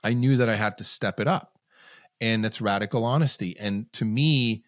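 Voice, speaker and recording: A man's voice: on the low side, moderate pace, dry recording, clean studio sound. A man, a guest parenting coach, talking earnestly in a casual podcast conversation and often repeating words as he gathers his thoughts.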